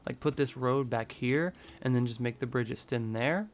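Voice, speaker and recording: A man's voice: medium pitch, moderate pace, slight background noise. A man live-streaming a building game, thinking aloud in a rambling, casual way.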